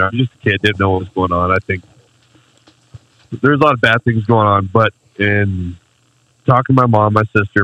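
Brief: male podcast co-host, low but bright, forceful voice, reflective testimony, dull lo-fi mic. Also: dry recording. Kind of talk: casual faith talk.

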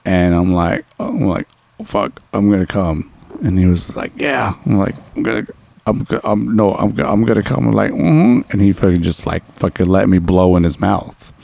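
A man with a low, deeply gravelly voice, recounting a story in a loose, profane, rambling way. His talk is full of fillers, and the sound is dry and close. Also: expressive, moderate pace, darkish tone, no room sound. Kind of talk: casual storytelling chat.

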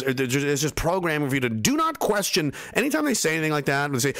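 A man's voice: a little high, very animated, a little fast, few pauses, fairly bright tone, no room sound. A young man, reading chat messages on a livestream and ranting in an angry, sarcastic, heavily profane way into a close mic. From Canada.

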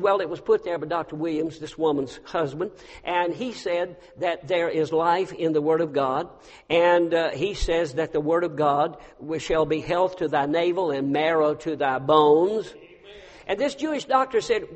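A man preaches a storytelling sermon. He drops to a hush, then rises to a loud cry. His voice rings with the long reverb of a big church hall. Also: on the high side. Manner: storytelling, swinging from hushed to loud. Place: church sanctuary.

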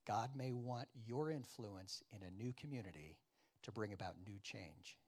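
A man preaching a sermon, acting out dialogue and questioning his congregation, loud one moment and quiet the next. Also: on the low side, normal speed. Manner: animated, acts out biblical dialogue with wide swings in loudness; addresses the congregation with questions and asides. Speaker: pastor.

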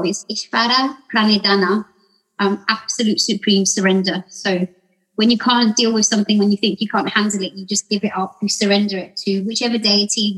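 A woman's husky voice carries this casual podcast chat. She rambles through her stories and acts out what other people said along the way. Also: medium pitch, low-quality recording. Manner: rambling, warm storyteller acting out quotes with laughs. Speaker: podcast guest.

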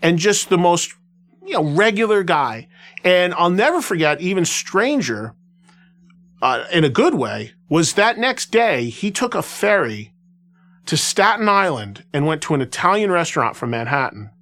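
In a high-sitting voice at normal speed, this radio host chats through animated anecdotes. His loose conversational telling is filled with restarts and repeated "you know."

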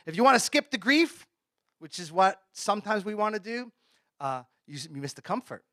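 Bright high-voiced man preaching. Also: sing-song, a little fast, no room sound, studio quality. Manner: conversational preaching, sudden drops to a hush. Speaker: pastor. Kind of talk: sermon.

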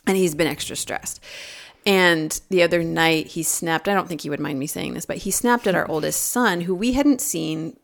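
A woman in her forties telling a personal story in casual podcast chat, rambling and animated, laughing often. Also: on the low side, moderate pace, gravelly. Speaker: podcast regular.

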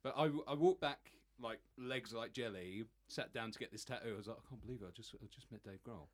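A man's voice: lowish voice, quick pace. A man who is a podcast guest, telling a story in casual chat and stammering now and then.

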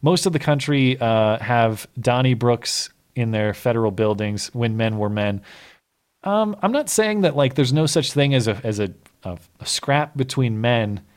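A man co-hosting a podcast, reading viewer comments in casual chat, often halting and restarting mid-sentence. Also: medium pitch, animated. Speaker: podcast co-host.

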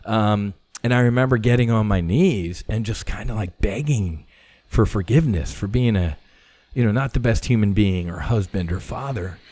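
A middle-aged man, a former fighter pilot, telling stories as a podcast guest in a casual, animated way, swearing freely and full of "you know" fillers. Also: on the low side, moderate pace, slightly rough, dry recording. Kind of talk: casual conversational storytelling.

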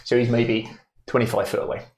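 A man running a tabletop game as game master, chatty and quick to laugh. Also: medium pitch, flat delivery, a little mellow. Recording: roomy echo.

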